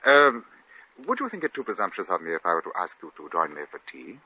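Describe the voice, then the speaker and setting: An actor playing a bored, suave lord with a dry, languid upper-class drawl, in 1940s radio comedy. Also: male voice, sits low, wildly swooping pitch, fast, bright, forceful tone, slightly rough, no echo, heavily acted. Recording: dull lo-fi old radio recording.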